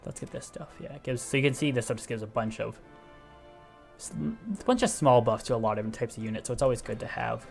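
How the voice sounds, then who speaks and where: A man's voice: medium pitch, quick pace, vocal fry, soft background music. A young man casually commentating his strategy game, thinking aloud and explaining as he clicks, often correcting himself. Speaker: gaming video host.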